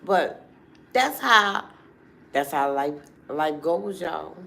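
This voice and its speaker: A woman, hosting a casual livestream and talking straight to her viewers in a chatty, animated way. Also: deep voice, drawn-out words, creaky, a little hiss or hum. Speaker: livestream host.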